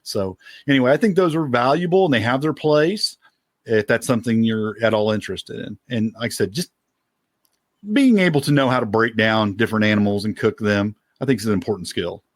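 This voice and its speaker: A man's voice: lowish voice, fairly quick, dry recording, studio quality. A man co-hosting a podcast in casual chat, talking in an easygoing, rambling way and laughing often. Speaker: podcast co-host.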